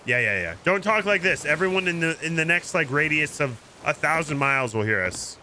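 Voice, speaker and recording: Bright, excitable gamer man. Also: on the high side, brisk, a little hiss or hum, low-quality recording. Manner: excitable, coaching, jokey. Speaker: streamer. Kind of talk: casual gameplay chat.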